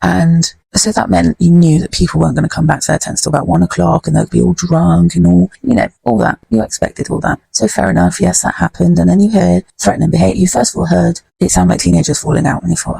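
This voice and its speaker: Gravelly, sweary woman. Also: fairly low pitch, steady tone, fast, hardly any pauses, dark tone, no echo. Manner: blunt, sweary, rambling storytelling. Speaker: podcast host. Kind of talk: casual podcast chat.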